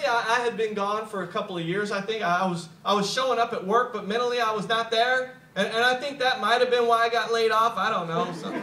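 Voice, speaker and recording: A man's voice: high voice, noisy background. A middle-aged man telling his story at a business opportunity meeting, often repeating words as he starts sentences and chuckling. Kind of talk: motivational storytelling talk. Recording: echoey room, voice picked up from a distance.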